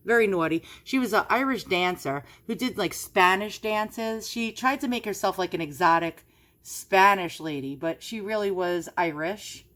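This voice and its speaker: A woman's voice: mid-range voice, moderate pace, a bit bright. A woman with a New York accent hosting an antiques vlog, chatting casually and rambling with plenty of fillers. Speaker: antiques vlogger. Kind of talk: casual screen-share commentary.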